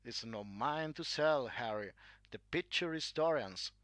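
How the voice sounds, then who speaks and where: Earnest painter guy, emotional, slow careful storybook reading, dry, man doing him. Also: mid-range voice, animated, a bit bright, no echo. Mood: warm. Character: older male painter, devoted and hurt.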